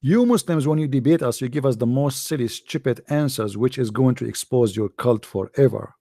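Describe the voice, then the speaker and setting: A man's voice: mid-range voice, a little fast, dark tone, dry recording, studio quality. A man giving a scornful, emphatic commentary monologue in non-native English phrasing, repeating phrases and laughing often. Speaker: online religious debater.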